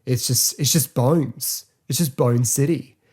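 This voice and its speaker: Mellow, chatty man hosting a podcast. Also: medium pitch, husky. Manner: chatty, rambling, filler-heavy, quick to laugh. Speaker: podcast host. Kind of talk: casual solo podcast review.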